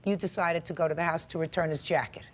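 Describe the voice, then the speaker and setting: A woman's voice: low voice, fairly even intonation, fast talker. A blunt, sardonic older woman questioning a plaintiff as a TV courtroom judge.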